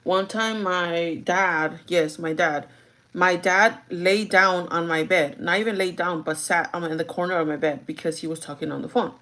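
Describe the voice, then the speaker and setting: Chatty young woman with a lowish voice. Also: normal speed. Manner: animated, chatty storytelling addressed to viewers. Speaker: vlogger. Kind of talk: get-ready-with-me storytime chat.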